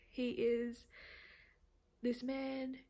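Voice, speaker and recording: A woman's voice: a little high, completely flat delivery, drawn-out words, mellow. A young woman vlogging in a rambling, chatty way with laughs, teary and close to crying. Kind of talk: casual chatty vlog.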